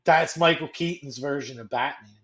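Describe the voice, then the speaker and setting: A man's voice: on the high side, moderate pace, a bit bright. Rambling young man chatting about movies. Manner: rambling, full of "like", acts out quotes. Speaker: co-host. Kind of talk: casual movie chat.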